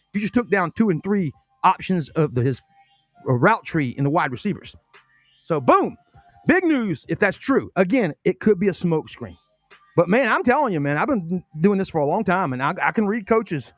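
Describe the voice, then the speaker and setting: A man's voice: high voice, sing-song, moderate pace, no room sound, soft background music. A man hosting a casual sports podcast, talking in a rambling way, often repeating words and eating as he talks. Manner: chatty, repeats himself, talks with his mouth full. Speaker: podcast host.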